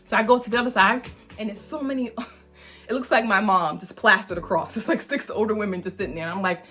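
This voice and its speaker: A woman at a mid-range pitch tells a storytime for her vlog audience, emphatic and animated. She leans on "like" as she builds each point. Faint music plays softly underneath. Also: fairly quick. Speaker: mother and channel host.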